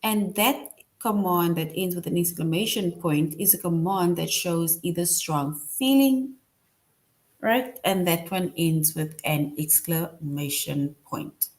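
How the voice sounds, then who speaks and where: A woman's voice: on the low side, a little mellow. A woman teacher explaining a grammar lesson to young children, patient and repetitive, often checking in with "right?". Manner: patient, repeats points, tags "right?" often; slow, deliberate.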